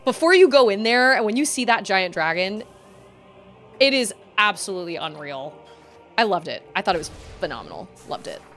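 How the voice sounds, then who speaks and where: Young woman gamer on stream, bright voice jumping all over, keeps yelling at the game. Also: mid-range voice, sing-song, normal speed, faint music behind. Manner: frustrated outbursts, groaning and shouting at the game. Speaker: streamer playing a video game. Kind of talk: casual live-stream chat while gaming.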